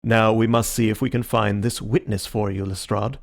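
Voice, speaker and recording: A man voicing a calm, theatrical gentleman detective with a measured, courteous manner, in an audiobook reading. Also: fairly low pitch, creaky.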